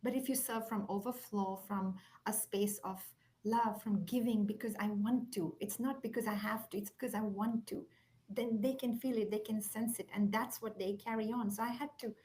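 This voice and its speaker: A woman's voice: medium pitch, steady tone, normal speed. A woman speaking earnestly and reflectively, telling a personal story, sometimes dropping almost to a whisper. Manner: earnest, reflective, softens to near whispers at key points. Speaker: guest speaker. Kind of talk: heartfelt conversational storytelling.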